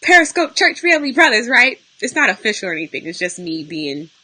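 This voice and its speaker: A young woman on a live stream, speaking unscripted and close to tears, her voice going hoarse as she talks through grief and greets her viewers. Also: on the high side, big pitch swings, a little fast, pushed and bright, poor audio. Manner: tearful, talking through grief, greets viewers mid-sentence. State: losing her voice, near tears. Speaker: livestream host. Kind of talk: unscripted emotional live talk.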